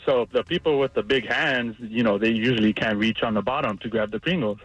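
A man calling in to a radio show, casually and a bit hesitantly pitching his idea. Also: brisk, a bit bright, slightly rough, no echo, muffled recording, faint music behind. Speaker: radio caller.

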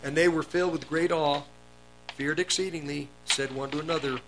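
A man with a slightly raised pitch preaches, reading verses aloud and then explaining them. He lifts his voice on the quoted commands. A faint hum runs underneath. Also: fairly even intonation, normal speed, fairly bright tone, rough recording. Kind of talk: sermon, reading and expounding scripture.

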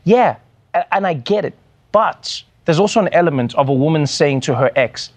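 Male TV host, earnest monologue, slightly high voice. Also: lively intonation, normal speed. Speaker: late-night TV host. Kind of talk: monologue commentary.

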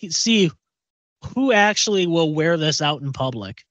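A man's voice: on the high side, expressive, measured pace, fairly bright tone, no room sound. Chatty man co-hosting a podcast. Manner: chatty, repeats words while thinking. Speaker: podcast co-host. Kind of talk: casual chat.

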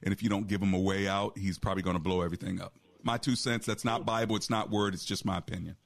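A man's voice: deep voice, level tone, quick pace, gravelly. A man hosting a call-in radio show as a pastor, talking conversationally with preacherly asides.

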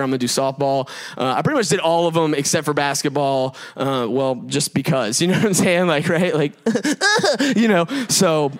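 A man, giving a humorous, chatty sermon to a live crowd with lots of fillers and self-deprecating asides. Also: fairly high pitch. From Georgia, United States. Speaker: preacher.

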